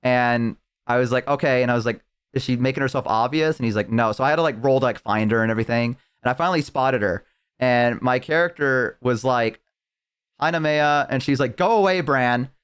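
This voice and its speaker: Smooth-voiced young man telling a story. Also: mid-range voice, a little fast, a bit bright. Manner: rambling storytelling with many fillers. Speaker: streamer. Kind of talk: casual chat.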